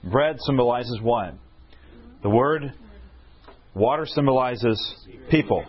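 A man preaching a storytelling sermon, animated and often checking in with his listeners with questions. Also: medium pitch, slow, breathy edge, highs cut off.

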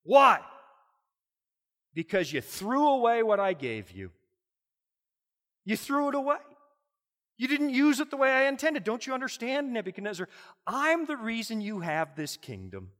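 A man's voice: very high voice, sing-song, a little slow, pauses often, fairly bright tone, long reverb tail, full character voice. A man voicing God, who earnestly pleads with a wayward king and insists that he tried to reach him. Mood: pleading.

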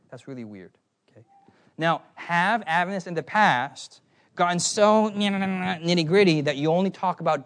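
A man preaching at a youth conference in a playful, animated way, often calling out to the audience. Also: fairly high pitch. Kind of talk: sermon.

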